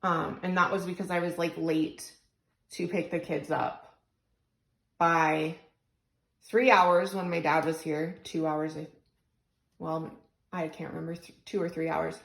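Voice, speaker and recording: A woman's voice: deep voice, little pitch movement, unhurried, vocal fry, long pauses, a bit bright, roomy sound, low-quality recording. A young woman venting tearfully and rambling about her frustrations into her phone, close to crying. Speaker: single mom vlogger. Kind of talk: emotional venting vlog.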